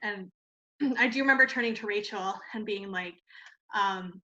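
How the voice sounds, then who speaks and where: Bright, chatty woman telling a story. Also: mid-range voice, normal speed. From Canada. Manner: animated, laughing often, many "like" fillers. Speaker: cosmetics company founder, guest. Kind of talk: casual storytelling in an interview. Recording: muffled lo-fi sound.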